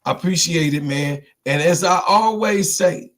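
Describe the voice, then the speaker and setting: A man with a Chicago accent hosting a casual livestream, talking loosely and shouting out his viewers. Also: on the high side, a little slow. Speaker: livestream host. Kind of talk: casual live-stream chat.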